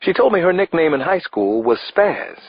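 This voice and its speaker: A man narrating a crime thriller audiobook with a measured, expressive delivery. His voice is a touch husky, and his pitch moves a lot. The recording is dry and a little dull. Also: no room sound. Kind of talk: first-person thriller narration.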